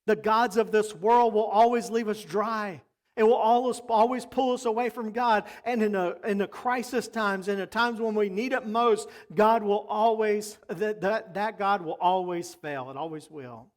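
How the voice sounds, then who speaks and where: A man's voice: high-pitched, steady tone, moderate pace. A man preaching a sermon as pastor, talking emphatically and repeating his points.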